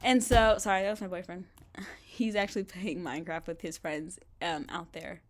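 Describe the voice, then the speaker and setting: A young woman vlogging casually from a bedroom, chatty and rambling, full of "like" fillers and quick laughs. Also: on the low side, steady tone. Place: bedroom in an apartment.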